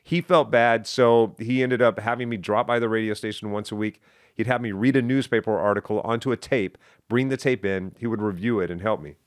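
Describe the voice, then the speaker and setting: A man's voice: lowish voice, fairly even intonation, fairly quick, no echo, studio quality. A middle-aged man from Texas, a guest who tells stories animatedly and slips into voices. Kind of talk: casual storytelling.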